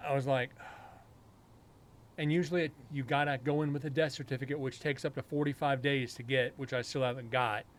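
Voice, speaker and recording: A brisk man with a medium-pitched, fairly even voice hosts a live stream about the paranormal. In casual chat he tells a long personal story, rambling and often correcting himself.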